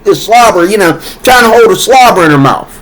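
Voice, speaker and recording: Man, higher-pitched voice, fired-up rant straight to his audience, repeats lines for emphasis. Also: expressive, fairly quick, a bit bright, poor audio. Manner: heated, repetitive, talks to viewers directly. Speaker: commentator. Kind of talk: casual ranting commentary.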